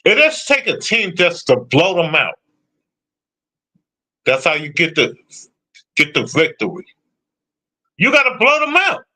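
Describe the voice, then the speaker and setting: A man's voice: high-pitched, sing-song, unhurried, pauses often, sharp tone. A man ranting casually about football predictions, blunt and profane as he answers his chat. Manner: profane, blunt, trash-talking. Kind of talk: casual sports rant.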